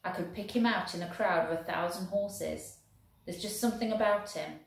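Woman doing a gentle young soldier, soothing, earnest, echoey room. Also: mid-range voice, moderate pace, creaky, natural voice. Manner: soft, soothing talk to a horse. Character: gentle young male soldier groom, devoted.

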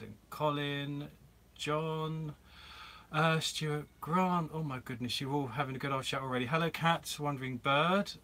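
Bright-voiced chatty man on a live stream. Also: medium pitch. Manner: chatty, rambling, greets viewers by name. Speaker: vlogger hosting a live Q&A. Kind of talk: casual live-stream chat. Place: inside a camper van.

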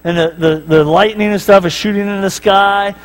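A man with a notably high voice preaches to his congregation in a church. He keeps it casual, mixing stories and jokes with checks like "right?" to the crowd. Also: steady tone, moderate pace, poor audio. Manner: casual, joking storytelling, often asking the crowd "right?". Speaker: pastor. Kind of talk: sermon.

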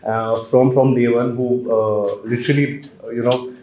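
A man with an Indian accent answering press questions in a casual, halting way, full of fillers and restarts. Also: mid-range voice, flat delivery, mellow, reverberant, slight background noise, low-quality recording. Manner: hesitant, many fillers and restarts. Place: large hall at a press meet. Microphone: handheld mic.

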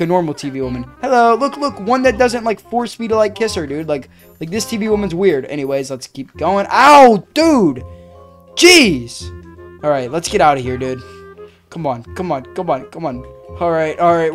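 A woman narrating a game role-play casually, in an excitable, slangy way, often yelling in alarm. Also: lowish voice. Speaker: gaming video creator.

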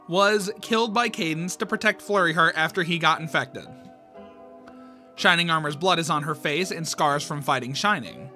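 A man's voice: on the high side, animated, normal speed, sharp tone, soft background music. A man reading a fan horror comic aloud, reacting with surprise and swearing. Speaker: comic reader.

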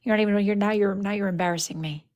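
A woman hosting a live stream from her phone, playing a tavern keeper. She talks in a theatrical, mock-archaic way, with a voice of average pitch. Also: fairly even intonation, racing, darkish tone. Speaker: live-stream host running a tavern role-play. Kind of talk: improvised tavern role-play on a live stream.

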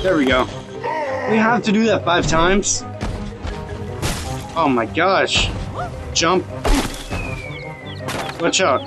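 A young man giving excitable, casual commentary while playing a video game, talking to his viewers into a phone. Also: high-pitched. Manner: excitable, yelps and exclaims at the game, talks to viewers. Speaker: let's play host.

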